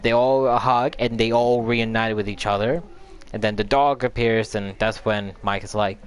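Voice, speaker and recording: A man's voice: fairly low pitch, fairly even intonation, normal speed, clear, resonant tone. A man host casually recapping a video game story, rambling and repeating filler words as he recalls events. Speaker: gaming channel host.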